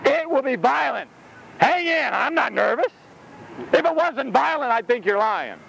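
A man preaching a fiery sermon in an unusually high, gravelly voice that leaps across a wide, lively range. He talks with intensity and exclaims his points, with a faint outdoor noise behind him. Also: a little slow.

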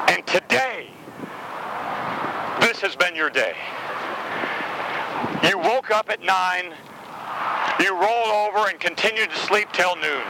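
A man in his thirties preaches with a bright, high-pitched voice and strong emphasis, often jumping into quick quoted voices. His delivery is animated and punchy. Traffic and city noise run clearly underneath the whole recording. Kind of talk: sermon.

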